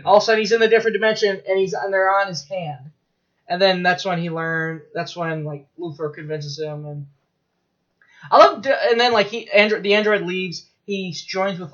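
High-voiced rambling man, lo-fi. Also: moderate pace. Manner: rambling, excitable storytelling with laughs and profanity. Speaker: podcast co-host. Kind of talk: casual chat.

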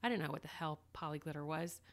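A woman casually telling a personal story about starting her small business, animated and lively. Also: low voice, quick pace. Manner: animated, lively retelling with acted quotes.

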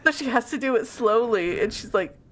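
A woman co-hosting a podcast, recapping a novel in casual, animated chat with lots of giggling and "like.". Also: a little high, brisk. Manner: heavy use of "like". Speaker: podcast co-host.

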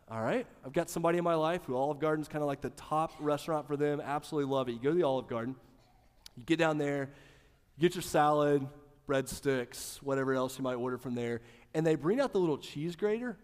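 A man preaching a sermon as pastor, animated, swinging between loud emphasis and hushed lines. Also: on the high side, in a large hall.

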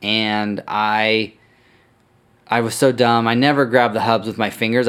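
In a lowish, slightly bright voice with fairly even intonation, a podcast host tells a story at a normal speed. He's casual, curses freely, and keeps correcting himself as he goes.

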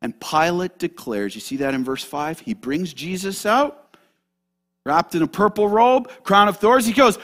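High-voiced preacher with dramatic swings. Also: male voice, animated, a little slow. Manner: dramatic, swings from loud shouted quotes to hushed asides. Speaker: pastor. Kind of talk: sermon.

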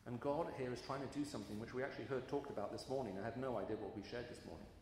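A man's voice: mid-range voice, racing, darkish tone, a little hiss or hum. A man giving a sermon, earnest and storytelling, with emphatic rises in his voice, recorded in a large hall. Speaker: preacher. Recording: echoey hall with long reverb.

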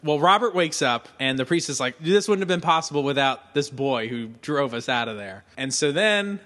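With a long reverb tail on his mid-range voice, a podcast co-host recaps a TV episode at a moderate pace in casual chat. He's animated, acting out the characters' lines as he goes.

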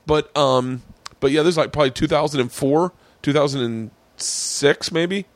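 A man's voice: on the high side, normal speed, dry recording. A man hosting a podcast, telling a long story with lots of swearing and acted-out quotes. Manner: animated, profane storyteller acting out quotes. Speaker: podcast host. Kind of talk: casual storytelling chat.

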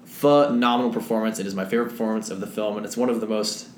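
A man's voice: lowish voice, fairly even intonation, fast talker. A man co-hosting a film club podcast, recapping a movie in an enthusiastic, rambling way. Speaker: podcast co-host. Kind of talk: casual film discussion. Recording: echoey room with faint noise.

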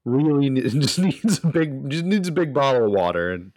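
A man's voice: mid-range voice, big pitch swings, normal speed, darkish tone, no room sound. A man playing a story game, joking and amused in casual chat. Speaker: player.

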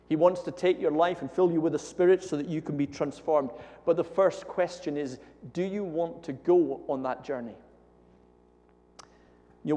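A man with a Scottish accent preaching a sermon in a lively, joking way that builds to emphatic points. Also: on the high side. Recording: echoey hall with long reverb.

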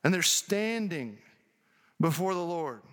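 A man's voice: sits high, lively intonation, takes it slowly, fairly bright tone. A man preaching an earnest sermon as a pastor, reading scripture and explaining it to his congregation. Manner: earnest, preaching with rising emphasis. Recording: long hall reverb.

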